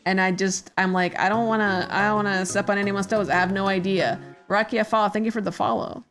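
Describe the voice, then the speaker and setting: A woman's voice: mid-range voice, fairly even intonation, a little fast, a bit bright, soft background music. A woman streamer chatting casually while she draws, rambling with many fillers and hesitations. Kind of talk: casual chat while drawing.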